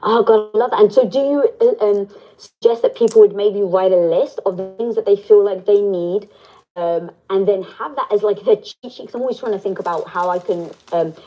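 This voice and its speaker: A woman's voice: medium pitch, a little fast, warm tone, dull audio. A woman interviewer who affirms her guest and asks questions hesitantly with fillers.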